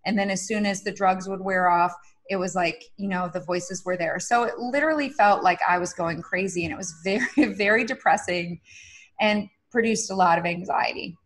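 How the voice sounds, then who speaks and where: A woman's voice: medium pitch, a little fast, few pauses. A middle-aged woman guest on a podcast interview, talking candidly and earnestly, with frequent fillers. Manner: earnest, confessional, uses many fillers.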